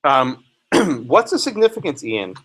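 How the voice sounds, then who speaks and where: Bright-voiced male law professor quizzing a class. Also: mid-range voice, big pitch swings, a little slow, low-quality recording. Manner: questions students by name, frequent "right?" and "okay?". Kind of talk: Socratic classroom lecture.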